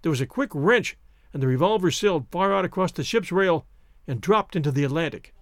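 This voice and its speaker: Expressive male audiobook narrator. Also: a little high, fairly quick, no echo, clean studio sound. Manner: expressive, theatrical reading. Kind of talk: scripted narration.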